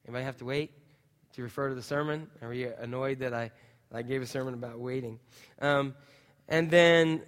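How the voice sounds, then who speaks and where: Man pastor, mid-pitched, chatty and jokey sermon, long hall reverb. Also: a bit bright. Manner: chatty, jokey, with many fillers and asides to the crowd. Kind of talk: casual sermon to a congregation. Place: church hall.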